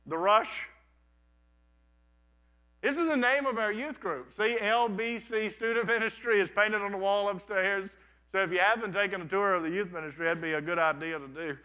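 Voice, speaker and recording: Bright-voiced young man preaching. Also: sits high, poor audio. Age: 30s. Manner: storytelling, with frequent restarts. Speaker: pastor. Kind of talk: conversational sermon. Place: church sanctuary, before a congregation.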